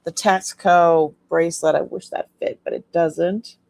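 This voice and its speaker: A woman's voice: lowish voice, fairly even intonation, moderate pace, gravelly, a little mellow. A sleepy woman chatting casually on a live stream as she shows off jewelry, rambling and trailing off with fillers. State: sleepy, yawning.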